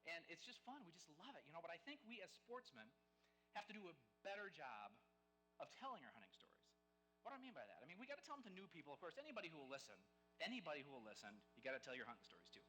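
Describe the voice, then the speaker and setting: A man giving a live storytelling speech as guest speaker at a game dinner, animated and conversational, acting out the lines of the people in his stories. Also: a little high, very fast, faint music behind, rough recording.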